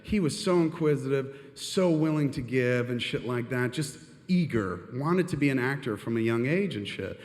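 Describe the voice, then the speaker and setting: A man telling a long, animated anecdote on stage, rambling and swearing as he goes. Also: mid-range voice, normal speed, hardly any pauses. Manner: animated, profane, rambling with "and shit". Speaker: storyteller on stage. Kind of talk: live storytelling monologue. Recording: long reverb of a live hall.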